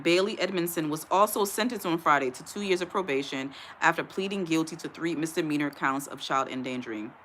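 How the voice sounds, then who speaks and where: A woman's voice: lowish voice, fairly bright tone, a little hiss or hum. A young woman from Ohio giving blunt, emphatic commentary while reading a news article aloud to her viewers, stumbling over the text now and then. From Ohio, USA. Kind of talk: casual commentary.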